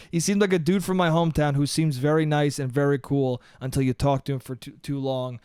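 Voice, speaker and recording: Man, podcast host, comic storytelling, animated, swears, fairly high voice, smooth tone, dry close sound. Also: dry recording. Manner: animated, swearing, keeps saying "dude". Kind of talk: comedic storytelling monologue.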